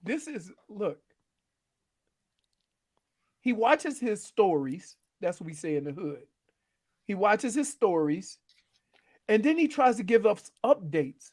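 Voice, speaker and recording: A man co-hosting a sports radio show in a studio, teasing his partner in casual banter and breaking into loud outbursts. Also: sits high, sing-song, slow, pauses often.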